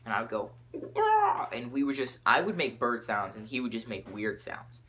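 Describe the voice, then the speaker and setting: A man's voice: mid-range voice, a little fast. Teen guy ranting on his podcast, jumpy, lots of likes and ums. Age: teens. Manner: excitable, jumps topics, lots of fillers. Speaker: podcast host. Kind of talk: rambling solo podcast.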